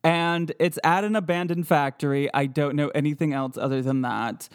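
A man hosting a casual podcast chat in a playful, joking manner, quick to laugh. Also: fairly high pitch, clear, resonant tone. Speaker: podcast host.

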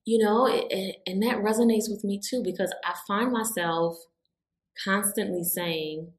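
A woman's voice: mid-range voice, unhurried. A woman co-hosting a podcast, reflective and repeating words for emphasis. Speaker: podcast co-host. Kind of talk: casual podcast chat.

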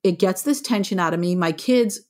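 A woman's voice: lowish voice, moderate pace. A middle-aged woman, a parenting author, talking frankly and with animation in an interview. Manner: frank, animated, plainspoken with mild swearing. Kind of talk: conversational interview.

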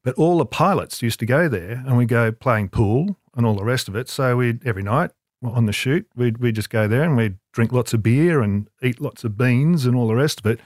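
An older man spins a rambling, self-deprecating story, stopping and restarting as he goes. His voice sits at an ordinary middle pitch. The sound is dry and close, with no room around it. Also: lively intonation, fairly quick, no room sound. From Australia. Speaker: guest, advertising creative. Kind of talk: casual anecdote telling.

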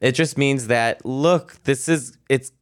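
A man's voice: medium pitch, slow, clear, resonant tone. A man, a comedian guest on a podcast, chatting casually and emphatically giving advice about family.

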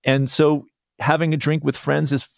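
A man talking as a guest author in a casual podcast conversation, telling stories with lively restarts. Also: fairly high pitch, moderate pace, creaky, dry recording, clean studio sound. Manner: animated storyteller, rambling restarts.

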